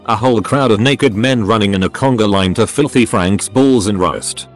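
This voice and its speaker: A man reading out online stories in a steady scripted narration. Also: fairly low pitch, normal speed, soft background music.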